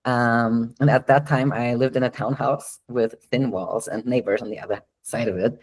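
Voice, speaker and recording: A dog trainer answering questions in a live online Q&A. The man speaks at an ordinary medium pitch in a casual, explanatory way, with frequent ums and light laughs between thoughts. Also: steady tone, normal speed, darkish tone, slightly rough, poor audio.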